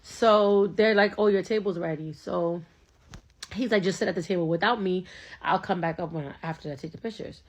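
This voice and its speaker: Speaking at a normal pace in a fairly low voice, a young woman recounts a first date in a chatty way. Her retelling is heavy on fillers and quoted dialogue.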